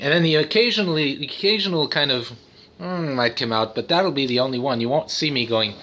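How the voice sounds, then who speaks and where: A fairly high, pushed and bright voice delivers brisk, animated talk as this autistic father and vlogger casually discusses his habits on camera. He drifts and cuts himself off, often breaking out in sudden singing, noises and cartoon voices.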